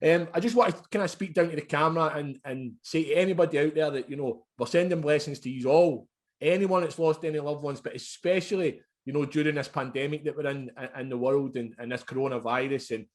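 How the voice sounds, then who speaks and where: A man hosting a podcast interview, speaking in a sympathetic, halting way with many fillers. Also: on the high side. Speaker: podcast host. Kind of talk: conversational interview.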